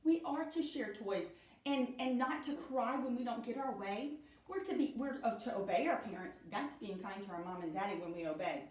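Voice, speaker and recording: A middle-aged woman gives a children's Bible lesson in a slow, sing-song storytelling way. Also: fairly high pitch, lively intonation, a little mellow. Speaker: Sunday school teacher. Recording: echoey room, speaker far from mic.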